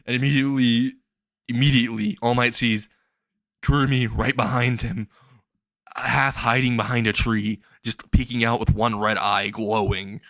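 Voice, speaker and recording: A man's voice: mid-range voice, flat delivery, normal speed, fairly bright tone, no echo, clean studio sound. Young man rambling through a goofy story. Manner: rambling, laughing at own jokes. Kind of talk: improvised comedic fan story narration.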